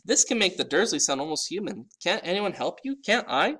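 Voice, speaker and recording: A man's voice: sits high, sing-song, a little fast, pushed and bright, voice pushed up, exaggerated voice. A man reading a storybook aloud and voicing a nervous, polite young boy wizard who stammers. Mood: earnest.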